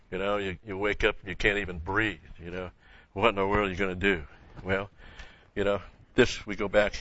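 A man teaching the Bible sermon-style, halting with many fillers and asking rhetorical questions. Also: on the low side, pushed and bright. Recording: dull lo-fi recording.

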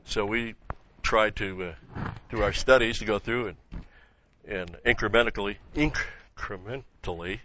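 Guy teaching scripture, lowish voice, lots of uhs and questions, muffled lo-fi tape. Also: pushed and bright, slight background noise. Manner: halting, with many fillers and rhetorical questions. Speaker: Bible teacher. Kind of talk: sermon-style Bible study. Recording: dull lo-fi recording.

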